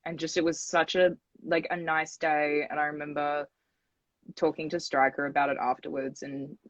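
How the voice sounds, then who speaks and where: A woman's voice: low-pitched, flat delivery, normal speed, dry recording, muffled recording. A young woman in casual chat on a phone livestream, talking enthusiastically and fondly. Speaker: actor in a live chat.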